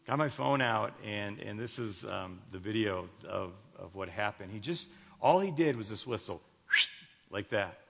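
A man's voice: on the low side, expressive, a little slow, vocal fry, fairly bright tone. A man in his fifties from Chicago, a pastor telling stories in a sermon, rambling with many restarts and light jokes to the congregation. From Chicago, USA. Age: 50s. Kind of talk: sermon storytelling. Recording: echoey hall reverb.

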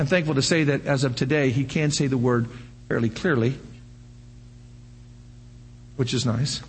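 An older man preaching a sermon, firing off rhetorical questions and breaking into animated shouts. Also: mid-range voice, unhurried, a little hiss or hum. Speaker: pastor.

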